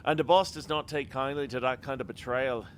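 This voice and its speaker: A man's voice: medium pitch, steady tone, brisk, slight background noise, lightly acted. A man voicing a suspicious, bullying tavern doorman in a put-on working-class London accent, blunt and menacing. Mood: sneering.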